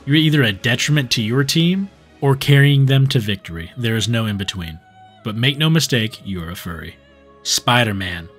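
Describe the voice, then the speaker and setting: A man reads a scripted comedy roast in a dry, sarcastic, deadpan manner. His voice sits at a middle pitch. Quiet music plays faintly behind him. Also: normal speed. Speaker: gaming video creator.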